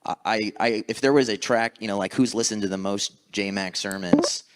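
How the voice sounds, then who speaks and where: A man giving a measured, reflective personal testimony. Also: fairly low pitch, slight background noise.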